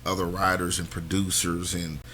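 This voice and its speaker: A man's voice: low voice, level tone, normal speed, a crowd in the background. A man from Kansas hosting a radio talk show, chatting casually in a laid-back way. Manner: laid-back, lots of "you know what I mean" and "man". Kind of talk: casual interview chat.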